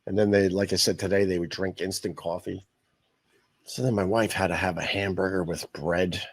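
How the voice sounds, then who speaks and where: A man's voice: low-pitched, fairly even intonation, normal speed, husky, no echo. A middle-aged man from Long Island who hosts a livestream and chats casually, rambling and blunt. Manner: rambling and blunt, swears freely. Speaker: podcast host.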